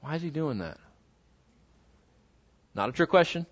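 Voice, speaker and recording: A man with a fairly high voice leads a Bible study in front of a live group. He talks in a loose, conversational way, keeps asking the class questions, and slows right down when he reads scripture aloud. The recording sounds dull and lo-fi. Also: expressive. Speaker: Bible teacher.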